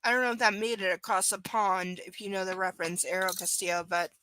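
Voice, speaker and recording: A woman's voice: medium pitch, fairly even intonation, fast, bright, forceful tone, slight background noise. A woman reading a novel aloud live, breaking off for sarcastic, profane asides. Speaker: live book reader. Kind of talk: casual live reading with commentary.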